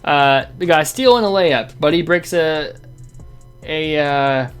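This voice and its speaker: A man's voice: on the high side, measured pace, fairly bright tone, clear, resonant tone, faint music behind. A man hosting a basketball fan show, giving a casual, rambling game recap that often corrects itself and sounds frustrated.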